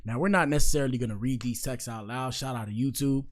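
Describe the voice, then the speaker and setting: Casting note: male podcast host, weary and laid-back, loose slang, rambling asides, mid-pitched. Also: fast talker, heavy background noise. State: tired. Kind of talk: casual commentary on news clips.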